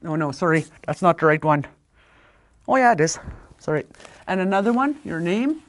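A woman's voice: lowish voice, lively intonation, normal speed. A woman teaching a language lesson, patiently sounding out words and repeating them, with small apologies for slips.

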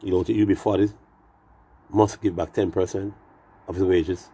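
A man's voice: low-pitched, steady tone, moderate pace, mellow, breathy edge. A man rambling in a profane monologue that drifts into half-sung rhymes.

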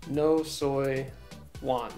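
A man's voice: medium pitch, steady tone, extremely slow, a little mellow, soft background music. A man whose first language is English, a student giving hesitant, unsure answers in practice. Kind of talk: casual lesson practice.

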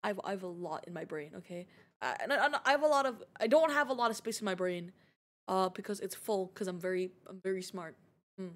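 A woman's voice: medium pitch, fairly bright tone. A young woman streaming a game, chatting to her viewers in a giggly, teasing, playful way. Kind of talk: casual gaming live-stream chat.

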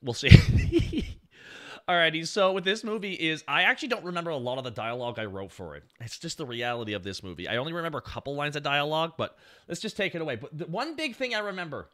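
A man's voice: on the high side, a bit bright. A man in his thirties doing casual stream commentary on his old series, rambling and swearing freely.

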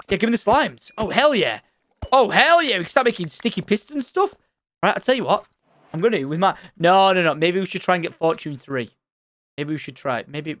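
A man commentating his Minecraft let's play, excitable and loud at surprises. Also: sits high. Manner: excitable, shouts and squeals at surprises. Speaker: gaming channel host.

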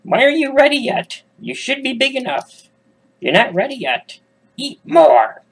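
A man voicing a creepy old witch who plans to eat children, in a high, shrill crooning voice. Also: very animated, unhurried, gravelly, slightly rough, exaggerated voice. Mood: impatient.

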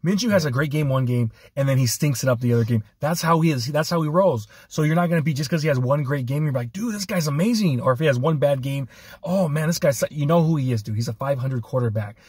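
A man hosting a fan podcast, talking in a relaxed, conversational way and swearing casually. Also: medium pitch, fast talker, husky, dry recording. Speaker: podcast host. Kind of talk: casual chat.

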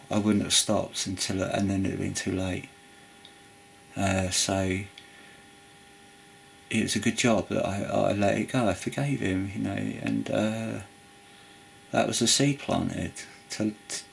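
A man speaks in a deep, heavily gravelly voice, preaching informally about his faith. His delivery is earnest and rambling, full of restarts and asides, with a faint hiss of noise beneath it. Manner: rambling, earnest, with frequent restarts and "you know". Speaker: Christian video preacher. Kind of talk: informal spoken testimony and preaching.

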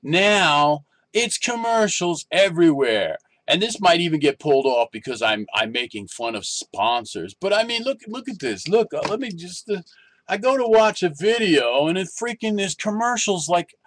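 A man ranting in a casual vlog, animated and rambling, with restarts and exasperated complaints. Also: sits high, moderate pace. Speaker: vlogger.

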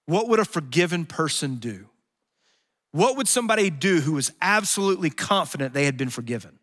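A man preaching a sermon as pastor, in an earnest, conversational way that voices imagined speakers, then slowing into soft prayer. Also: medium pitch. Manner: closes in soft, slow prayer. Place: church sanctuary. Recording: long hall reverb.

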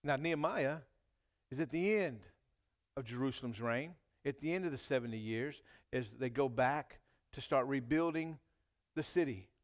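A man's voice: mid-range voice, normal speed. A man preaching a sermon in a church, talking casually and reading scripture aloud with rising emphasis. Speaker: pastor.

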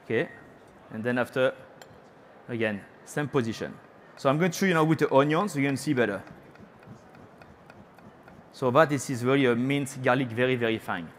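A French-accented chef talks his way through a live cooking demo, chatty and teasing, dropping little French phrases between steps. His voice sits at an ordinary middle pitch for a man. A faint hum of show-floor ambience hangs behind him. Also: normal speed, long pauses. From France. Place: trade show cooking stage.

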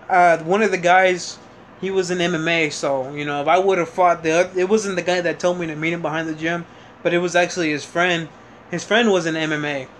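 High-voiced young man telling his story. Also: slight background noise. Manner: rambling, many restarts and fillers, swears casually. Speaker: vlogger. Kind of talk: casual storytelling to camera.

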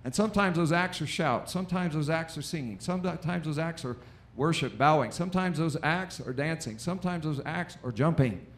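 An American man preaching a lively sermon in a church, with call-and-response and acted-out quotes. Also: on the high side, fairly quick. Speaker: pastor. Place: church auditorium.

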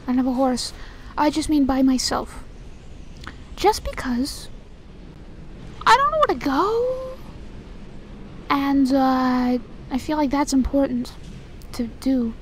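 A woman's voice: high voice, sing-song, takes it slowly, long pauses, slight background noise. A young woman doing casual, rambling gameplay commentary, talking to herself and getting exasperated as she plays. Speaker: let's play host.

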